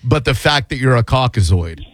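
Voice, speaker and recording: Dude hosting call-in radio, blunt and mocky, dry mic, normal pitch. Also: male voice, expressive, no echo. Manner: blunt, mocking, quick to insult callers. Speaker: radio show host. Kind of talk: brash call-in radio banter.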